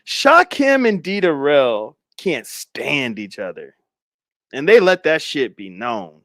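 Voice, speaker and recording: A man's voice: a little high, sing-song, slow, fairly bright tone, dry recording, studio quality. A man giving casual, rambling commentary to his viewers, laughing often and speculating. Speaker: commentary streamer.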